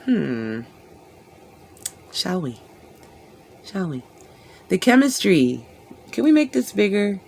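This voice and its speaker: A woman giving a rambling live reaction, musing aloud with rhetorical questions and soft giggles. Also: mid-range voice, sing-song, slow, creaky, pauses often.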